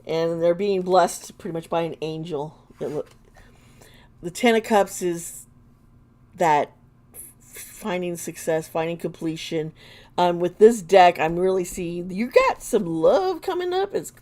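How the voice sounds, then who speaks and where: Slow chatty lady doing live tarot readings, laughs a lot, tells it straight. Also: on the low side, expressive, darkish tone. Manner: chatty, unhurried, laughs often, blunt warnings. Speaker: tarot reader.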